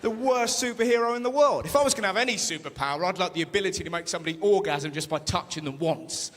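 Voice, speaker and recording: A man's voice: high voice, fast. A man doing a stand-up set on a large theatre stage, telling self-mocking stories and acting out other voices. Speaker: stand-up comedian. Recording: theatre with long reverb and loud crowd noise.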